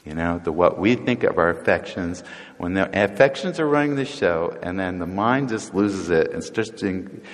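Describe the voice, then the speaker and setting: A fairly low-voiced man gives a relaxed, conversational sermon. He jokes and chuckles as he goes and slips into different voices when quoting people. The sound carries a long echo from a large hall. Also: moderate pace. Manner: chatty and humorous, chuckling often and acting out quoted voices. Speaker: preacher.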